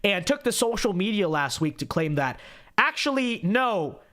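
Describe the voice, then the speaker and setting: A young man hosting a political commentary show, speaking a little high. He is sarcastic and mimics quotes in a whiny tone. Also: sing-song, moderate pace, fairly bright tone.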